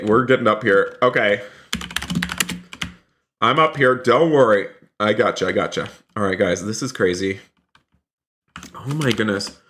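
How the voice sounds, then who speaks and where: A man's voice: mid-range voice, fairly bright tone. A man streaming a role-play game live, chatting to viewers and exclaiming often. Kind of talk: live gaming commentary.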